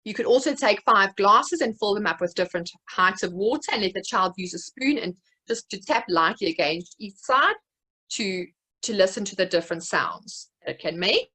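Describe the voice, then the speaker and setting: A woman's voice: medium pitch, expressive, moderate pace, sharp tone, husky, rough recording. A woman with a South African accent, a speech-language therapist, presenting an educational webinar and explaining classroom activities with examples and occasional fillers. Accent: South African English.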